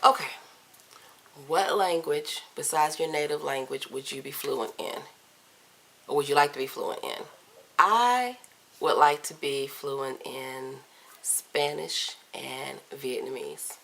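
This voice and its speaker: A woman in her thirties from Virginia, chatting casually through a list of tag questions on a camcorder, candid and playful, often trailing off softly. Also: extremely low pitch, takes it slowly, creaky. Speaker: vlogger. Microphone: camcorder mic.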